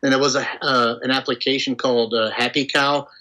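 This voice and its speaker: A man being interviewed as a tour manager, telling road stories in an animated, chatty way and often breaking into laughter. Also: mid-range voice, a little fast, low-quality recording. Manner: animated, laughing storyteller full of "like". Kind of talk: casual storytelling interview.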